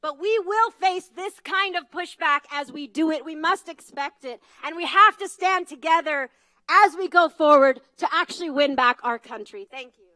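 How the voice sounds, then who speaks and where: A woman's voice: high-pitched, normal speed, pushed and bright, no echo, poor audio. A woman advocacy leader giving an urgent, emotional speech from a conference stage. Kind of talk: impassioned rally speech.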